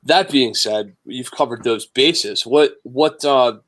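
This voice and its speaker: A man's voice: mid-range voice, slow, a bit bright, a little hiss or hum. A man hosting a casual podcast in a mid-range voice. He talks bluntly and emphatically and swears freely. He steers the chat and asks his guest direct questions. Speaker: podcast host.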